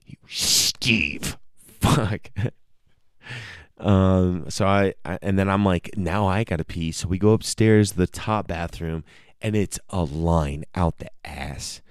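Young male podcast host, very low voice, slow rambling comic delivery, dry close sound. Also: dry recording. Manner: rambling, self-interrupting, profane. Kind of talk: casual comedic storytelling.

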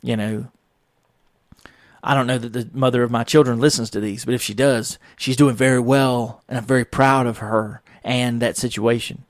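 A man's voice: mid-range voice, fairly even intonation, normal speed, no room sound, clean studio sound. A middle-aged man, hosting a podcast and telling wry, profane stories in a rambling way. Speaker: podcast host. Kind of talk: casual solo podcast monologue.

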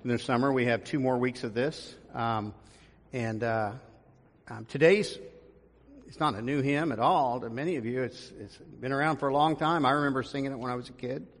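A man's voice: medium pitch, moderate pace. A man, a pastor, giving a conversational sermon with frequent ums and restarts, building to emphasis. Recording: long reverb of a large room.

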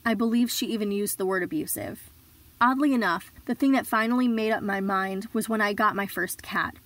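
A woman telling a personal story in an earnest, measured way, with sudden shouted outbursts when she quotes herself. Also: mid-range voice. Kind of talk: personal story told live.

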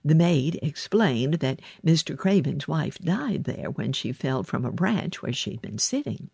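A woman reads a children's story aloud, her voice low and husky with a gravelly edge. She takes her time, and her pitch rises and falls expressively through each sentence. The recording is close and dry. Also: big pitch swings, unhurried, a little mellow, dry recording. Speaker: narrator.

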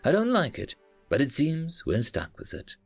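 A man's voice: on the high side, wildly swooping pitch, normal speed, creaky, breathy edge, no room sound, faint music behind, voice pushed up, exaggerated voice. A man voicing a weary, dutiful starship captain who speaks formally. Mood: grave.

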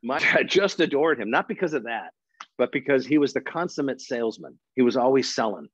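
A man's voice: mid-range voice, lively intonation, brisk, husky, no echo. A man interviewing a relative in casual family chat, easygoing and swearing casually. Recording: dull lo-fi dry sound.

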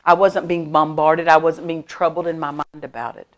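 A middle-aged woman pastor preaching a sermon at a church service. She tells stories with lively emphasis, laughs often, and repeats her key phrases. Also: low voice, normal speed. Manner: animated storytelling with frequent laughter.

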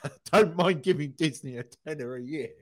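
A podcast co-host with a voice on the high side talks fairly quickly. He chats casually, using lots of fillers and swearing offhandedly.

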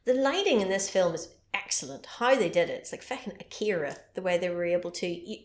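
A woman with a fairly low, expressive voice talks fairly quickly in a roomy-sounding space. She's a podcast co-host, chatting casually and with animation as she retells a horror film, throwing in playful sound effects.

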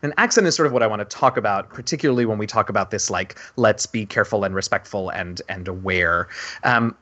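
A man co-hosting a casual podcast about running tabletop games, talking in an earnest, animated way with lots of fillers and restarts. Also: lowish voice, fast, highs cut off. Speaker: podcast co-host. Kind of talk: casual discussion about tabletop game mastering.

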